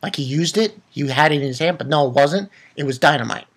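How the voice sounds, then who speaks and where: Husky, excitable man recapping an episode. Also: on the high side, fast. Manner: excitable, profane, lots of restarts. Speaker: anime reviewer.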